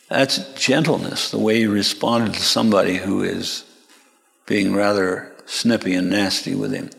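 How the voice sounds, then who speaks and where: A man preaching a sermon slowly and deliberately, lifting his voice sharply when he quotes others. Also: fairly low pitch, fairly even intonation, vocal fry. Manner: slow, deliberate delivery that rises sharply when quoting. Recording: long reverberant hall.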